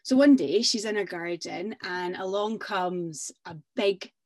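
A woman storyteller recounting a folk tale aloud. Her delivery is lively and conversational, with the odd pause or filler. She sounds like live oral storytelling. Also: mid-range voice. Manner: lively, conversational, with some hesitations.

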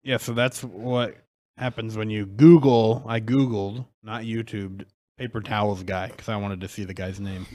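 A man's voice: fairly low pitch, steady tone, moderate pace, mellow. A man co-hosting a casual podcast, laid-back and goofy, often laughing. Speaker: podcast co-host. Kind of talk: casual chat.

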